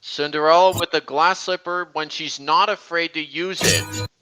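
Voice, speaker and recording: A man's voice: on the high side, steady tone, moderate pace, over music, poor audio. A young man hosting a casual voice-chat stream, rambling and often restarting his sentences. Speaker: stream host.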